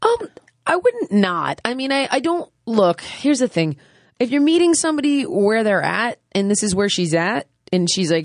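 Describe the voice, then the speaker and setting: A woman fitness trainer answering listener questions in casual podcast chat, blunt and energetic. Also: fairly high pitch, no echo, studio quality. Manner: blunt and energetic, explains with quick examples.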